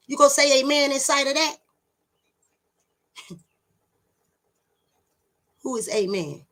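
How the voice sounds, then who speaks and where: A self-styled teacher addresses her viewers directly in a preachy monologue, blunt and emphatic, cursing, repeating words for stress, and taunting them with rhetorical questions. Her voice is mid-range with a fairly bright tone.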